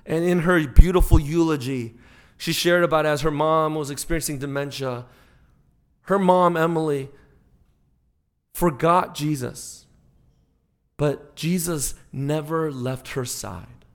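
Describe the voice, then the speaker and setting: A man preaching a sermon as pastor, swinging between loud emphatic peaks and quiet, slowed-down drops. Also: on the high side.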